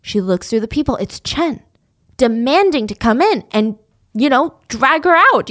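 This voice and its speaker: A woman's voice: high-pitched, expressive, normal speed, a bit bright. A young woman telling a true-crime story in a casual, chatty way, full of "like". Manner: chatty, lots of "like".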